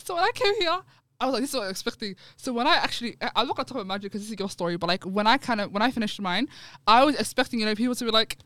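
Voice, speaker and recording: A woman telling a story in casual podcast chat, animated and peppered with "wallahi". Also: a little high, rapid-fire, no room sound.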